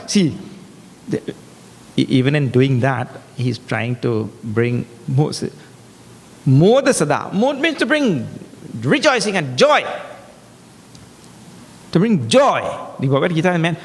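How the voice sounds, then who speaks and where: Guy giving a spiritual talk, jokey and lively, chants verses, gravelly voice, big echoey hall. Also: on the high side, slow, long pauses. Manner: animated, humorous, chants verses. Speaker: spiritual teacher. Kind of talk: scripture discourse. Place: large hall.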